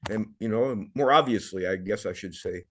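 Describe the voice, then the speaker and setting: A man's voice: fairly low pitch, moderate pace. A middle-aged man, a podcast guest, telling a personal story in an earnest, emotional way, often repeating words.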